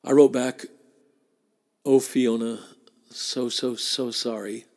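A man hosting a podcast, giving a spoken tribute and reading letters aloud in a measured way with emphatic repetitions. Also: medium pitch, flat delivery, vocal fry, a little mellow. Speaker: podcast host.

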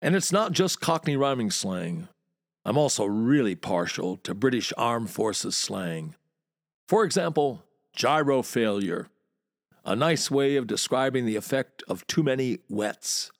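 A man's voice: medium pitch, measured pace, no echo, studio quality. An American man hosting a podcast, reading a wry, word-loving monologue. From United States. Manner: wry, relishing words, lively storyteller. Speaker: podcast host and walking tour guide.

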